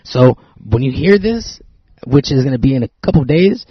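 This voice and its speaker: A man hosting a casual podcast, talking loud and profane, hyping up events and giving shout-outs. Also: medium pitch, sing-song, moderate pace, breathy edge, no echo, lo-fi sound. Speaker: podcast host.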